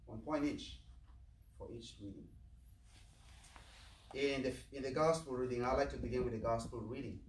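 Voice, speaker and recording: Earnest priest preaching in an echoey chapel. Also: male voice, mid-range voice, steady tone, normal speed, pauses often, a little mellow, a little hiss or hum. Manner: plain, earnest, asks the flock questions. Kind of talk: sermon. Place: chapel of a medical center. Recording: echoey chapel, mic far off.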